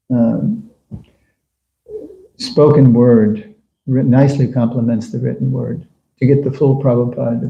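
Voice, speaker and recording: A man's voice: medium pitch, gravelly, warm tone. A man giving a conversational scripture class in a temple, talking casually with fillers and small chuckles. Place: temple hall. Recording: dull, echoey room recording.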